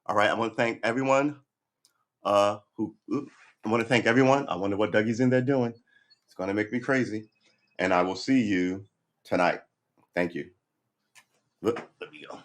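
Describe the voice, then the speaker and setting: A relaxed man with a fairly low voice hosts a casual home livestream. His talk is loose and chatty, and now and then he slips into a coaxing sing-song when he speaks to his dog. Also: moderate pace, long pauses. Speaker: livestream host. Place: home room.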